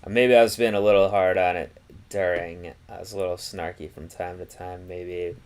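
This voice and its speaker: A man's voice: low voice, fairly even intonation, moderate pace, clear, resonant tone. A man reviewing a film on a casual live stream, thinking aloud and restarting his sentences with many fillers.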